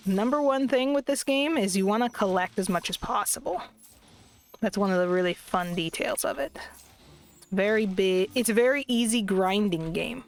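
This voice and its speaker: A woman chatting casually through a let's play, grumbling about lag and joking at her own expense, recorded on a desk microphone. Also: medium pitch. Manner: chatty, complaining about lag, self-deprecating. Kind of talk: casual game commentary. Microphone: desk microphone at a computer.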